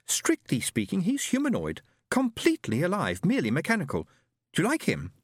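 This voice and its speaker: A man voicing a lively young woman, the hero's sister, in a high, sing-song audiobook character voice. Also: brisk, no echo, clean studio sound, heavily acted. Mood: bubbly.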